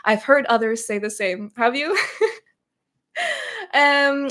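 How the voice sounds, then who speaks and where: A woman's voice: on the high side, normal speed, pauses often, a bit bright. A woman from Russia hosting a casual livestream Q&A, chatting a little nervously as she reads viewer comments aloud and answers them. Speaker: streamer hosting a Q&A.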